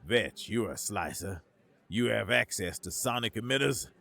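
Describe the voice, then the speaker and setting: Calm human tactician voiced by a man, low voice, quiet firm orders, measured. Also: creaky, full character voice. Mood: commanding.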